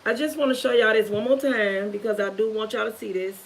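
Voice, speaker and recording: A woman's voice: a little high, fairly even intonation, a little hiss or hum, low-quality recording. Nervous, earnest woman live-streaming. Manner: halting and earnest, with many restarts. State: nervous, holding back tears. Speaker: YouTuber. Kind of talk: emotional live-stream talk.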